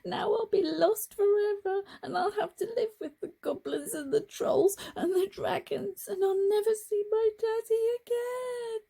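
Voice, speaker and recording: A woman voicing a small, excitable young male frog who gets tearful and wails when he is scared. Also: high voice, slow pace, pitched above the performer's own voice, heavily acted. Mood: sobbing.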